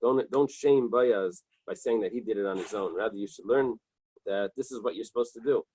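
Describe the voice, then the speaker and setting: A man's voice: lowish voice, a little fast, warm tone, a little hiss or hum, rough recording. A man teaching an early-morning Talmud class, reading Hebrew and Aramaic text and translating it plainly, checking in with "right?" and "okay". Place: small synagogue study room.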